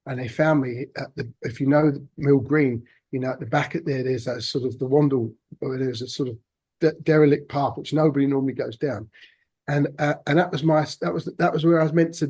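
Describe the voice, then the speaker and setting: Husky man in his sixties. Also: mid-range voice, a little mellow. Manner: halting, reflective, many restarts. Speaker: podcast guest. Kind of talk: personal storytelling interview.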